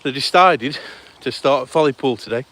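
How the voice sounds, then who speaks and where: Out of breath by a lake, a man hosts a live outdoor event, chatting and apologizing as he goes. His voice is medium-pitched and a bit bright, at a normal speed, delivering on-the-move commentary.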